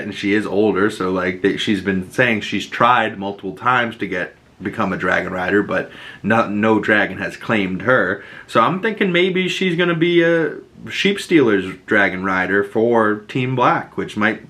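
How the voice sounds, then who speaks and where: A man's voice: medium pitch, pushed and bright. A young man hosting a podcast, recapping a TV episode in a loose, profane, filler-heavy casual way. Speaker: podcast host.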